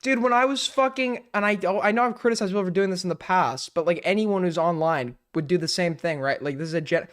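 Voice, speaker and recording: A man doing heated live commentary on a clip, mocking and excitable, sometimes breaking into loud rants. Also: high voice, fast talker, few pauses. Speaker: commentary streamer reacting to a clip.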